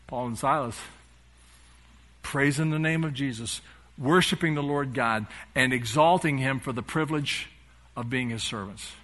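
A man's voice: on the high side, sharp tone. A male pastor preaching a sermon, animatedly retelling a story and acting out its dialogue.

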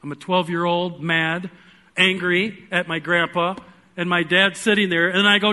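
A man with a high, bright voice delivers an earnest sermon in a church. He tells a personal story, rising into loud pleading and then dropping to hushed, quiet moments. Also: little pitch movement, moderate pace. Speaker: preacher.

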